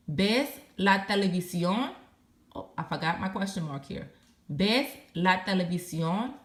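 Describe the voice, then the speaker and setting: Slow, patient woman teaching Spanish. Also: fairly low pitch, roomy sound. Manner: slow, patient, spells out endings letter by letter. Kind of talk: recorded language lesson.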